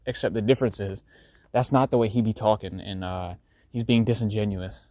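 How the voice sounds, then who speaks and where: Low-voiced American man, solo podcast host, loose profane rambling. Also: fairly even intonation, a little fast, mellow, no echo. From United States. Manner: rambling, profane, full of fillers.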